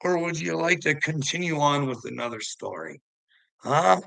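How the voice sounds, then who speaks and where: Gravelly, preachy man ranting to viewers. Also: fairly high pitch, lively intonation, normal speed, fairly bright tone, dry recording, poor audio. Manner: preachy and taunting, jumps between topics, laughs to himself. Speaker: vlogger answering commenters. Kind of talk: casual rambling monologue to viewers.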